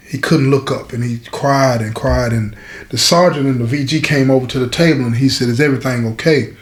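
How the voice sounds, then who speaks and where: A man talks through a story in a relaxed, earnest way, speaking right to the people listening. His voice sits at a middle pitch. The room around him is echoey. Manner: conversational, earnest, addresses listeners directly. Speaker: storyteller host. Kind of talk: casual spoken storytelling.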